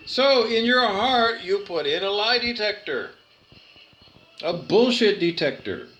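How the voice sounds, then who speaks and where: A man's voice: high-pitched, sing-song, slow pace, a bit bright, a little hiss or hum. A man giving an earnest spiritual monologue, repeating his phrases and stumbling over his words. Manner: earnest, repetitive, with stumbles and restarts.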